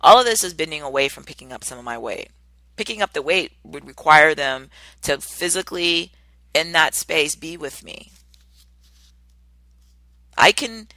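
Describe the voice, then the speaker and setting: A woman hosting her own podcast, talking through ideas in an animated, expressive way and acting out the people she quotes. Her voice has a gravelly edge and a bright, forceful tone. The sound is close and dry. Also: low-pitched, moderate pace, pauses often, dry recording, low-quality recording. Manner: animated, acts out quoted people with big exclamations. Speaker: podcast host and coach. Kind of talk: solo podcast monologue.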